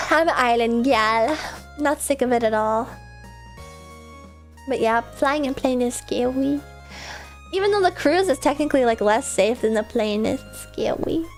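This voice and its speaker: A woman's voice: on the high side, measured pace, pauses often, soft background music. A young woman livestreamer chatting casually, bubbly and rambling, laughing often and swearing offhand. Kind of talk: casual stream chat.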